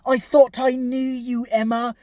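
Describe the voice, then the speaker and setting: A man's voice: very high voice, level tone, a little slow, dark tone, dry recording, clean studio sound. A man putting on a moaning, exaggerated voice for a whiny, bewildered grown man in a film review. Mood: whining. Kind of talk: mocking impression in a film review.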